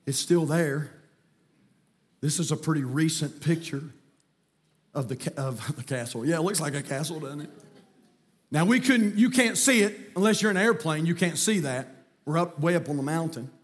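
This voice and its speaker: Folksy high-voiced preacher. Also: male voice, lively intonation, normal speed. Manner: folksy storytelling, builds to shouting. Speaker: pastor. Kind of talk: sermon. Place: church sanctuary.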